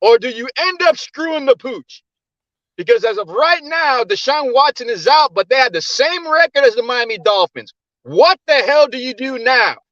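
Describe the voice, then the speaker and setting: A man's voice: very high voice, animated, moderate pace, a bit bright, no room sound, muffled recording. A man calling in to a fan podcast panel, making his point through emphatic rhetorical questions. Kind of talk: casual fan debate.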